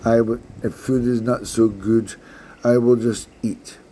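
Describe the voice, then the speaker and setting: A man's voice: medium pitch, little pitch movement, unhurried, mellow, slight background noise. A Scottish man in his sixties telling a rambling story in casual chat, swearing freely and tagging "right?" onto his sentences. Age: 60s. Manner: rambling, swears a lot, keeps adding "right?". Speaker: vlogger.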